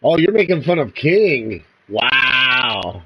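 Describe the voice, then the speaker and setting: A man's voice: mid-range voice, normal speed, noisy background. A man hosting a casual gaming voice chat, laughing and swearing in easygoing banter over a headset. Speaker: host of the gaming stream.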